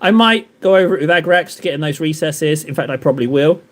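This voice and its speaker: While painting miniatures live, a man chats and kids around with his audience in a meandering way. He speaks fast and animatedly, with a fairly high pitch.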